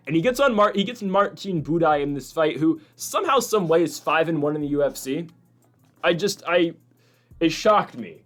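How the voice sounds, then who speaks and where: A man hosting a casual talk show, rambling and opinionated, with many restarts and asides. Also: on the high side. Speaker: host. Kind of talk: casual chat.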